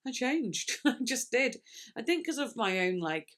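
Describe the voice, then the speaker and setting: A woman's voice: on the high side, sing-song, a little slow, a bit bright. A young woman chatting casually in a music reaction video, thinking aloud with lots of fillers and restarts.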